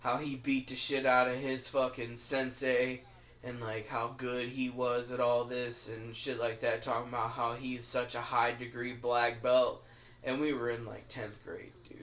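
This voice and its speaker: A man's voice: mid-range voice, flat delivery, measured pace, a bit bright. A young man co-hosting a podcast, telling school stories in casual chat, rambling and swearing with lots of fillers. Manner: profane, rambling storytelling with frequent fillers. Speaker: podcast co-host.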